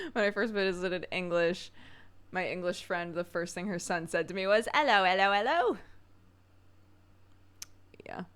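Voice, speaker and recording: Chatty laughing woman streamer, slightly low. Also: steady tone, a little slow, pauses often, smooth. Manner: chatty, rambling, laughs often. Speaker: game streamer. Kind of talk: casual chat with viewers while gaming.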